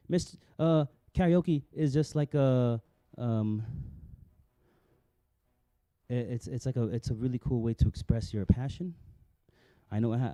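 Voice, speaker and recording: A man's voice: mid-range voice, warm tone, no room sound. A middle-aged man from New Jersey hosting a vlog, chatty and self-mocking, rambling with many restarts. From New Jersey, USA. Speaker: vlog host. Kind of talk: casual rambling vlog talk.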